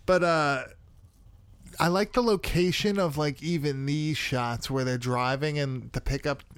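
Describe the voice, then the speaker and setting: A man's voice: fairly high pitch, measured pace, clear, resonant tone, no room sound. Laid-back swearing man recapping a movie. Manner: rambling, swears a lot, laughs often. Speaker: podcast host recapping a film. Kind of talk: casual chat.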